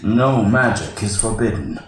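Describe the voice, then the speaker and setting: A man putting on an obnoxious, all-powerful sorcerer who speaks of doom with menace. The delivery is slow and dramatic. It plays back echoey and distant. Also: fairly low pitch, animated, a crowd in the background. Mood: menacing. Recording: echoey audition clip played from afar.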